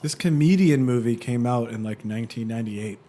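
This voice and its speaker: A man's voice: medium pitch, fairly quick, mellow. A man from Canada, an actor guest, chatting casually in a teasing, slangy way and laughing often. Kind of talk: casual chat.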